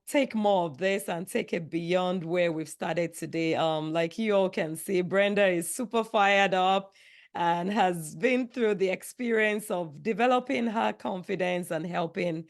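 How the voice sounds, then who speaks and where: Female podcast host; mid-pitched, encouraging, affirming interviewer. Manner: encouraging, affirming with short responses.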